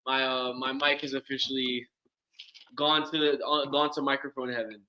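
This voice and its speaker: A man's voice: medium pitch, flat delivery, normal speed, bright, forceful tone. A man co-hosting a sports podcast livestream, rambling and apologetic while talking through a camera microphone. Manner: rambling, apologetic, self-deprecating. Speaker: podcast co-host. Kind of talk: casual chat on a livestream. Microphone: camera mic, remote call. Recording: echoey room on a camera mic.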